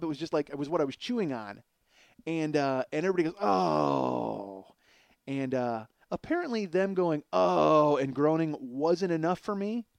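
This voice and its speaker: A man's voice: fairly high pitch, no room sound. Profane storytelling man, dry close mic. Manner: animated, profane, self-mocking. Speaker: podcast host. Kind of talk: casual storytelling.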